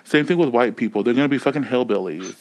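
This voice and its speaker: A man co-hosting a podcast, talking in loose, animated chat. He swears freely and laughs often. His voice sits at a medium pitch. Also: fast talker, poor audio. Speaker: podcast co-host. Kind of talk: casual chat.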